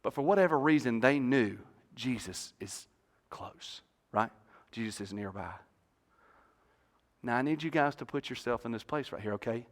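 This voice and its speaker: A man preaching a sermon as pastor. He tells the story in an animated way and jokes with the congregation on a church stage. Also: medium pitch, normal speed.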